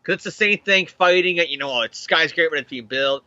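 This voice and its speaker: Man, podcast host, rambling comic book recap, laughs a lot, tense sharp tone, slightly high voice. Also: a little fast, no echo, muffled recording. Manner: rambling, laughs often, acts out characters with profanity.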